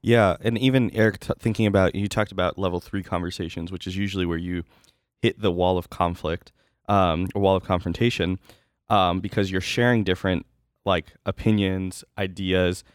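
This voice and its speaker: Podcast co-host, man, fairly low voice, earnest and candid. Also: fairly even intonation, normal speed, no echo, studio quality. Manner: earnest, candid, talks in fillers and restarts. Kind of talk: casual podcast chat.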